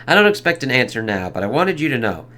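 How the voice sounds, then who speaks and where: A man's voice: medium pitch, big pitch swings, quick pace, pushed and bright. A man voicing a stern woman agency director who speaks curtly and matter-of-factly. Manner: curt, matter-of-fact.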